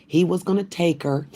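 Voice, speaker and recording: A woman's voice: a bass voice, creaky, a little mellow, slight background noise. An older woman hosting a live stream, ranting in a profane, rambling, trash-talking way. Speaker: livestream host.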